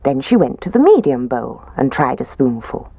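A woman reading a children's storybook aloud in a gentle, expressive way. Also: a bass voice, normal speed, vocal fry, husky, no room sound.

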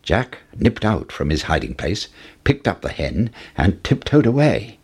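A man narrating a children's fairy tale in an expressive reading voice. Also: lowish voice, unhurried, slightly rough. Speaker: storyteller.

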